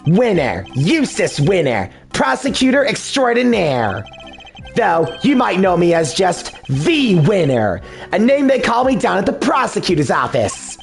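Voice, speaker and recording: A man's voice: sits high, wildly swooping pitch, a little slow, creaky, faint music behind, pitched above the performer's own voice, heavily acted. A man voicing a snooty young male prosecutor in a fan dub, smug and condescending with a nerdy drawl.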